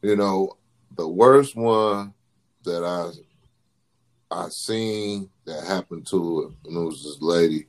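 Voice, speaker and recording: A man talks in a casual chat, laid-back but emphatic. His voice is very deep. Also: slow.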